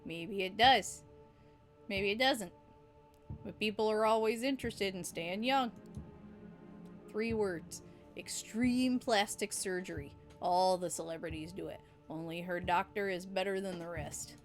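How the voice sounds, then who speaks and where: A man's voice: sits high, brisk, faint music behind, close to an everyday voice. Brief: woman voicing an older male tabloid snoop, paunchy and smug, sleazy game character.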